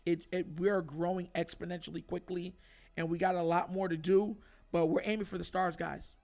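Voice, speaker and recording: A man hosting his own show, giving an emphatic, animated sports opinion monologue and calling his viewers y'all. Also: high-pitched, a little fast, creaky, soft background music. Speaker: host.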